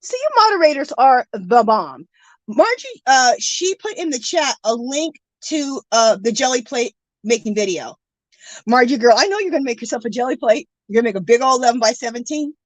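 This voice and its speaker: A middle-aged woman hosts a live art stream from home in an animated, sing-song voice that rises high. She reads viewer comments aloud in a chatty, gushing way and sounds teary. The sound is close and dry. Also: brisk, dry recording. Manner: warm, gushing, emotional, scattered. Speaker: art livestream host. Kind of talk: casual livestream chat reading comments.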